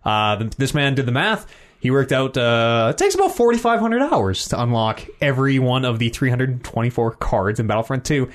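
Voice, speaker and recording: A man hosting a casual gaming podcast, animated and swearing freely as he reads the news. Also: medium pitch, normal speed. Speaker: podcast host.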